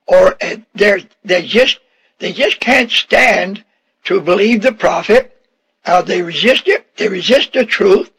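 A man with a high, bright voice preaches a radio sermon from a radio room. His tone is husky, and he stretches his phrases slowly and with emphasis. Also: low-quality recording. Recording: radio broadcast studio.

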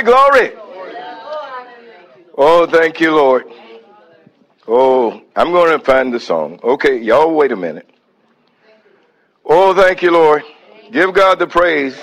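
A man preaches in an unhurried, drawn-out way, his voice sitting a little high. He punctuates his sermon with calls of praise and reads a hymn aloud. A congregation can be heard faintly responding around him. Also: low-quality recording.

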